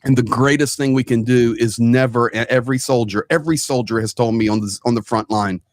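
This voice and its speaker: A man talking through a headset on a livestream panel, in a mid-pitched voice with a dry, close sound. He moves between earnest talk and cheerful self-mockery. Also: brisk, no room sound. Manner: earnest, then self-mocking. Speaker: panel guest. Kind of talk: casual panel chat.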